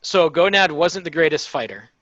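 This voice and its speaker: A man's voice: fairly high pitch, lively intonation, normal speed, fairly bright tone, no room sound. A man narrating a tabletop game as game master in a chatty, loose way. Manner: chatty, lots of ums and laughs. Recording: dull lo-fi sound.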